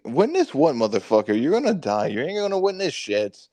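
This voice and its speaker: A man on a movie review podcast, retelling the plot in an animated, profane way with quick mock quotes. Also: a little high, no echo. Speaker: podcast co-host. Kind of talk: casual movie review chat.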